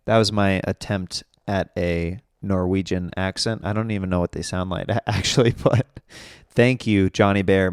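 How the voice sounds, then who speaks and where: A young man hosting his own podcast, chatting casually and excitably on his own and laughing often. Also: fairly low pitch, clear, resonant tone, dry recording, clean studio sound. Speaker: podcast host. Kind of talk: casual solo podcast chat.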